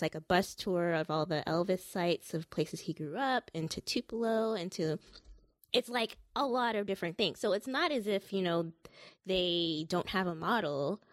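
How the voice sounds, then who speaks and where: A woman's voice: fairly low pitch, dry recording. A woman co-hosting a podcast, informative and matter-of-fact in casual chat. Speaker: podcast co-host.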